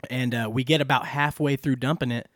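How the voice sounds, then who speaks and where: A man's voice: mid-range voice, fairly quick, no echo. Guy on a podcast ranting about a customer, swears a lot, dry close sound. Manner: animated, profane storyteller who acts out quotes. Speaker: podcast co-host. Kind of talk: casual storytelling chat.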